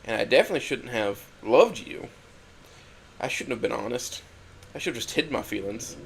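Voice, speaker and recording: A man's voice: medium pitch, lively intonation, moderate pace, creaky, slight background noise. A man narrating a first-person dramatic story, emotional and swinging from hurt to angry outbursts.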